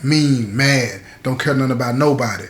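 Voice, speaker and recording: A man's voice: medium pitch, moderate pace, roomy sound. A man hosting his show, telling a prison story in a streetwise, conversational way and often checking in with the listener. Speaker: host. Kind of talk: storytelling to camera.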